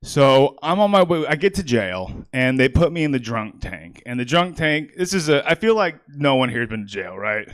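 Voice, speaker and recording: A man's voice: mid-range voice, very animated, moderate pace, hardly any pauses. A young man doing a rambling stand-up comedy set with crowd work in a small comedy theater.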